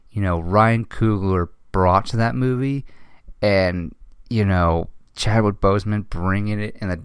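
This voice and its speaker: Young man, host, low pitch, dry close sound, emotional, halting, swearing. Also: smooth, no room sound. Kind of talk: casual commentary.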